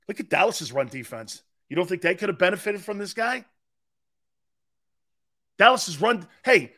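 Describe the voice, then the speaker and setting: High, lively sports talk man. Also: moderate pace. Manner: excitable, emphatic, swings between shouting and low asides. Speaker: sports talk show host. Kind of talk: animated sports talk monologue.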